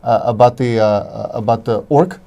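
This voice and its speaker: A man co-hosting a casual chat about movies and TV, halting and searching for words. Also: medium pitch, vocal fry, warm tone, lo-fi sound. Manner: halting, searches for words, chimes in with short replies.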